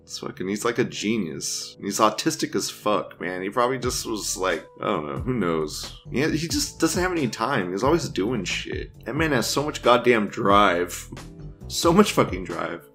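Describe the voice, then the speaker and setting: A man's voice: lowish voice, big pitch swings, normal speed, fairly bright tone, soft background music. Laid-back crude-talking man. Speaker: streamer reading forum posts. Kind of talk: casual commentary.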